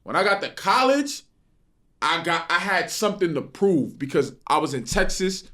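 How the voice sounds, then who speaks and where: A man's voice: sits high, sing-song, moderate pace, sharp tone. A young man with a New York accent, telling stories animatedly in street slang on a casual podcast. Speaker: podcast host.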